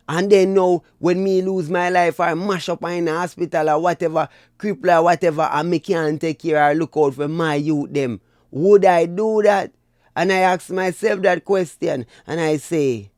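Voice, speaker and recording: A man's voice: fairly high pitch, normal speed, dry recording, studio quality. A man with a Jamaican accent giving opinionated commentary as a vlogger and speaking straight to his viewers. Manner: animated, preachy, addresses viewers as "people".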